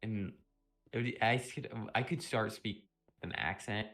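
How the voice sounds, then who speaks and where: A young man streaming a game, chatting casually and telling rambling stories while often clearing his throat. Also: fairly low pitch, moderate pace, fairly bright tone, faint music behind. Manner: rambling, laid-back storytelling with frequent throat clearing.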